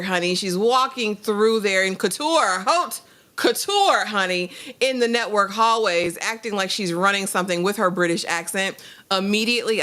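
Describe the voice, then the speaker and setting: Bright-voiced woman co-host, sassy chat. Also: medium pitch. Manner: sassy, playful asides. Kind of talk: casual TV review chat.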